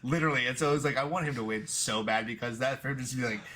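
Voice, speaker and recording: A man's voice: mid-range voice, very fast, slight background noise. A young man co-hosting a podcast, chatting casually about sports, swearing freely and acting out quotes. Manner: animated storyteller, swears freely, acts out quotes. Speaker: podcast co-host.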